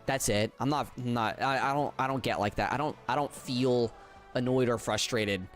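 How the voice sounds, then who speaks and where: A tired man streaming a racing game, chatting casually with viewers in a flat, subdued way with halting restarts. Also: medium pitch, faint music behind. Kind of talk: casual livestream chat with viewers.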